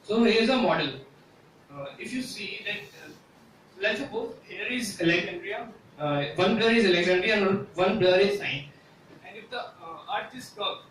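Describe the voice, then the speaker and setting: A man's voice: high-pitched, fairly bright tone. A man giving a classroom presentation, explaining step by step with many hesitant "uh" fillers. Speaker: student presenter. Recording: echoey room from a distance with faint noise.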